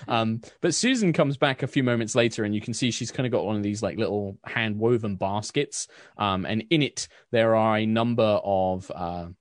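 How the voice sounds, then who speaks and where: A man's voice: fairly low pitch, normal speed, dry recording, studio quality. A man narrating a tabletop game as game master, in a loose style full of fillers.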